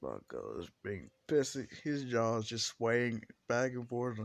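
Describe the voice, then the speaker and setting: A man's voice: medium pitch, sing-song, a little slow, vocal fry, no room sound. A man casually telling a fan-fiction story in a rambling, profane way with frequent restarts.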